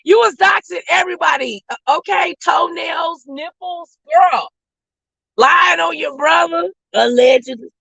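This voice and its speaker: A woman hosting an online talk show, ranting loudly and profanely in sassy commentary, often shouting. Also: very high-pitched, measured pace, gravelly, no echo, poor audio. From West Coast of the US. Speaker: host.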